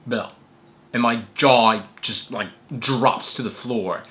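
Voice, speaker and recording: Earnest young man with a bright voice. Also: medium pitch, slow. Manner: earnest, animated retelling with acted quotes. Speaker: vlogger. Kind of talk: personal storytelling vlog. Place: New York City.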